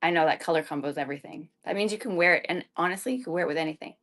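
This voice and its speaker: A woman's voice: on the low side, racing, fairly bright tone. A woman hosting a live shopping stream, chatting in an upbeat way as she shows off shoes and sets prices. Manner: chatty, upbeat selling patter. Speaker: live-selling host.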